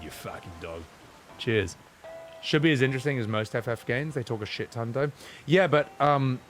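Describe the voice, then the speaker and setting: A man chatting casually on a live game stream, opinionated and rambling, swearing freely. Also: mid-range voice.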